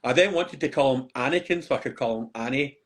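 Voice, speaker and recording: A man chatting casually on a podcast, animated and swearing freely as he tells stories. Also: mid-range voice, fast talker, crowd noise. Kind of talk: casual chat.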